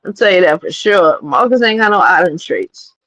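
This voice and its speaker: A woman from New York City hosting a livestream, talking in a blunt, profane and animated way as she gives her commentary. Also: on the low side, moderate pace, no room sound, faint music behind, poor audio. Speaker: streamer host.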